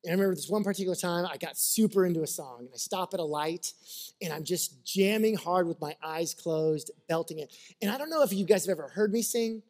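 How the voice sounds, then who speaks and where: A man's voice: high voice, animated, brisk, a little mellow. A man preaching a sermon as a pastor, earnest and conversational, mixing scripture with personal stories.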